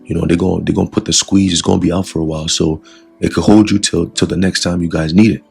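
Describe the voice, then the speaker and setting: A man's voice: sits low, fairly even intonation, quick pace, gravelly, a little mellow, husky, faint music behind, full character voice. A man voicing a friendly, secretive male butcher who talks in street slang. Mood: earnest.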